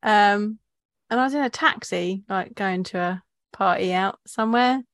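A young woman with a southern English accent, co-hosting a casual podcast, chatty and quick to laugh. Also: mid-range voice, fairly bright tone, dry recording, clean studio sound. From Kent, England. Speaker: podcast co-host. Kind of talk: casual chat.

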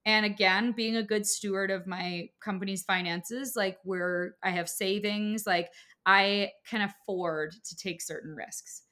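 A woman's voice: mid-range voice, fairly even intonation, unhurried, bright, forceful tone. A woman in her thirties who runs a business, talking casually and emphatically with lots of filler words. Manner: chatty, frequent "like" fillers, emphatic. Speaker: business owner and course creator. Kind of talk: casual podcast conversation.

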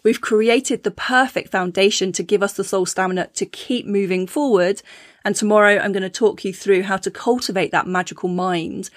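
Woman, podcast host, mid-pitched, upbeat and playful, dry close sound. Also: steady tone, moderate pace, no room sound. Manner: upbeat, acts out her inner voice with playful exclamations. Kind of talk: solo motivational talk.

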